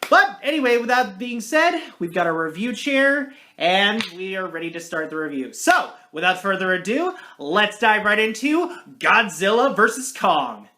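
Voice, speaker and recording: An excitable reviewer talks through a film in a loose, off-the-cuff monologue. Loud bursts of hype give way to quiet, mumbled asides, and the talk wanders through self-corrections. The jokes are often aimed at the speaker. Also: mid-range voice, normal speed, few pauses. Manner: energetic and rambling, with big jumps between loud hype and muttered asides. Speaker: movie reviewer. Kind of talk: casual movie review monologue.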